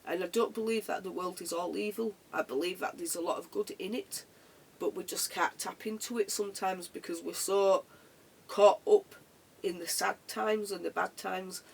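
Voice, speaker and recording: Vlogger talking from the heart, raspy husky voice, repeats stuff, sounds a bit far off the mic. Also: medium pitch, steady tone, moderate pace. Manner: earnest, reflective, repeats phrases. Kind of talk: heartfelt motivational monologue.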